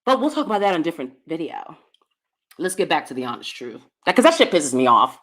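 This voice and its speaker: A woman's voice: low voice, sing-song, fast talker, fairly bright tone. An American woman giving a blunt, combative and profane commentary rant as a YouTube host. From United States. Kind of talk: ranting commentary.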